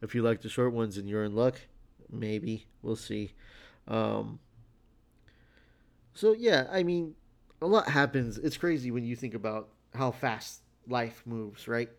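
A man's voice: mid-range voice, a little slow. A tired man hosting his own podcast, talking casually in a rambling solo monologue full of fillers and restarts. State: tired, yawning. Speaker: podcast host.

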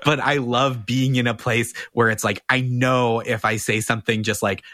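A man's voice: mid-range voice, normal speed, dry recording, studio quality. A man, a comedian guest on a podcast, telling stories in casual chat and acting out quotes with bursts of laughter. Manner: animated storyteller who acts out quotes with laughs.

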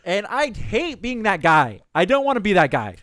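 A man telling stories in casual chat, swearing often and talking with animated energy. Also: high voice, normal speed, dry recording, studio quality. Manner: profane, animated storytelling.

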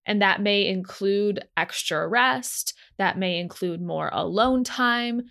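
Young woman podcast host, earnest and affirming, mid-pitched voice. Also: slow pace, vocal fry, fairly bright tone. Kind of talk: motivational podcast monologue.

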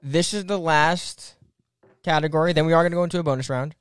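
A man's voice: a little high, fairly even intonation, fast talker, smooth, no echo, studio quality. A young man hosting a casual game among friends, laid-back and brief. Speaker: game host.

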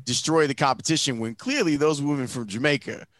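A man's voice: mid-range voice, fairly quick, fairly bright tone, dry recording. A man, a guest on a podcast, exclaiming in disbelief and arguing his points. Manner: incredulous, exclaiming, then arguing. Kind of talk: casual podcast banter.

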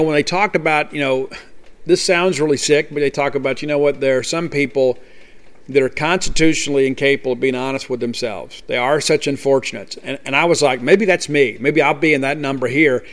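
A man hosting a podcast, talking earnestly and conversationally about his recovery with frequent fillers. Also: fairly high pitch. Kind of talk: personal recovery talk.

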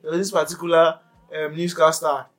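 A young Nigerian man co-hosting a podcast in casual chat, animated, often laughing and mixing in pidgin. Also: on the high side, fairly quick. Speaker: podcast co-host.

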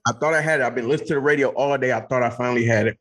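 A man hosts a laid-back podcast in a mid-pitched voice. He jokes easily and tells his own stories in a casual, rambling way. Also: racing. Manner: relaxed, joking, laughs easily. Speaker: podcast host.

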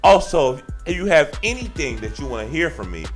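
Animated, gravelly-voiced man ranting. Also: fairly high pitch, brisk, over music. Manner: slangy, animated ranting with frequent asides. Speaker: podcast host. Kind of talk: solo sports podcast monologue.

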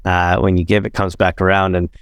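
A man hosting a podcast, responding in a relaxed, affirming way. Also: low voice, fairly quick, smooth, dry recording, clean studio sound. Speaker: podcast host. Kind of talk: casual interview chat.

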